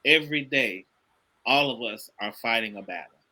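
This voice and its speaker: A middle-aged man with a very bright, forceful voice talks with earnest, sermon-like emphasis. He repeats his points and builds steadily from one to the next. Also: mid-range voice, expressive, normal speed, rough recording. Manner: earnest, preachy, emphatic repetition. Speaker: podcast guest, father. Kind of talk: casual conversation.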